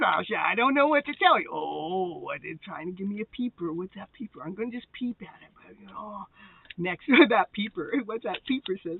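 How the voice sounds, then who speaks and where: Hosting a live tarot session, this woman is very animated, chatty and playful, often laughing and slipping into sing-song exclamations. Her mid-range voice has a breathy edge and normal speed, and the audio is tinny like a phone, with a little noise.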